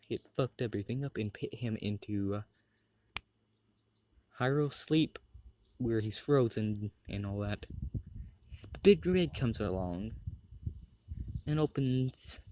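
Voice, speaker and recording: A man improvising a fan fiction story aloud, rambling, correcting himself and clearing his throat often. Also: on the low side, lively intonation, measured pace, pauses often, dark tone, a little hiss or hum.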